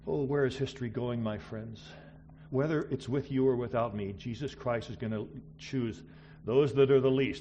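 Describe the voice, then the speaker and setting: A middle-aged man preaching a missionary sermon, swinging between loud exclamations and quiet asides. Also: mid-range voice, fairly even intonation, moderate pace.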